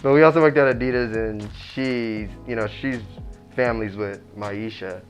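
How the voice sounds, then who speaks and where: A man's voice: medium pitch, normal speed, highs cut off, soft background music. A man in his twenties chatting easygoing in a casual interview, sprinkling in filler phrases. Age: 20s. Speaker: delivery manager at a cannabis dispensary.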